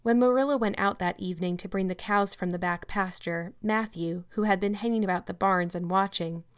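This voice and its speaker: A woman reads a classic novel aloud in a steady, measured narration. Her pitch sits in the middle range for a woman. The delivery is even and unhurried. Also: clear, resonant tone. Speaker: audiobook narrator. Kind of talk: scripted narration.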